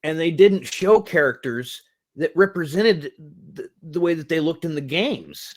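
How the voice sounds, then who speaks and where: A man in his forties co-hosting a casual movie review podcast, animated, laughing often and swearing freely. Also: on the high side, a little slow. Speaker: podcast co-host.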